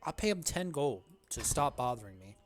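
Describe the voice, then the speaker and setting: A man's voice: medium pitch, sing-song, moderate pace. A young man giving casual, joking gameplay commentary and calling everyone "bro" in slang. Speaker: let's play gamer.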